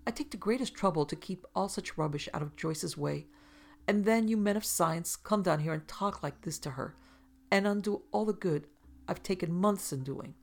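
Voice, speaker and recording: A woman's voice: on the low side, moderate pace, voice pushed up. A woman reading aloud and voicing a severe, disapproving older society matron who speaks in a cold, reproving way. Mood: indignant.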